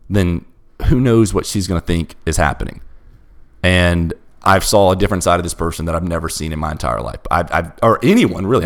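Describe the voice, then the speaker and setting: Deep-voiced young man recounting a wild night. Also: vocal fry. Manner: emphatic, restless retelling of a bizarre night. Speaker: storyteller guest. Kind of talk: casual storytelling chat.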